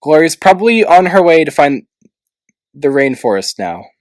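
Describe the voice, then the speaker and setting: A man reading aloud, voicing a bossy, sharp-tongued young female dragon with a snappy, sarcastic manner. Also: on the high side, sing-song, normal speed, no room sound, pitched above the performer's own voice.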